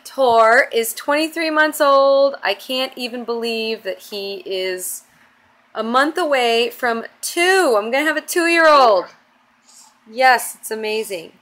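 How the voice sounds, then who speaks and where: Young woman, mom vlogger at home, doting and chatty, a touch high-pitched. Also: slow, a bit bright. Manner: chatty and doting, often breaks off to coax her toddler. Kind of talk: casual home vlog. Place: home, with toddler nearby.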